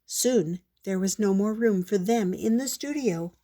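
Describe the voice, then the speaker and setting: An older woman reading a children's picture book aloud in a gentle, measured storybook manner. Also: mid-range voice, slight background noise.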